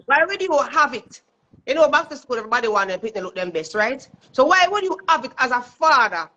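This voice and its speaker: A woman's voice: high-pitched, very animated, fairly quick, bright, forceful tone. A woman explaining her view in a casual, conversational chat. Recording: dull lo-fi sound.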